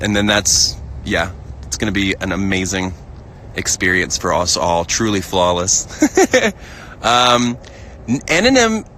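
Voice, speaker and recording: A playful American man chats through a phone live stream, reading viewer comments out loud. His voice is bright and forward, and he keeps giggling and leaping up into a squeaky register for the jokes. He sounds relaxed, like he is talking from outdoors. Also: a little hiss or hum. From United States. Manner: playful, giggly, jumps up into a high voice when joking. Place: outdoors, lounging in a field.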